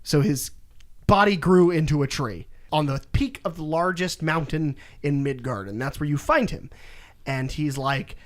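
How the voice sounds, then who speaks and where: Animated young man recapping a game. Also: on the high side, normal speed. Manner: animated, acts out characters' lines while retelling a game. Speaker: podcast co-host. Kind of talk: casual podcast chat.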